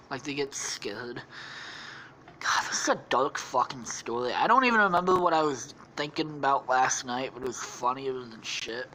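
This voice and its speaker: A man's voice: medium pitch, lively intonation, moderate pace, sharp tone, a little hiss or hum. A man hosting a podcast, rambling through an improvised comedy story with lots of swearing and laughter. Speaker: podcast host.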